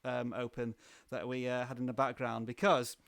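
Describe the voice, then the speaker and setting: A man hosting a livestream interview, chatting enthusiastically with halting restarts. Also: medium pitch, flat delivery, vocal fry, a bit bright, smooth. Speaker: livestream host. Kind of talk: casual interview chat.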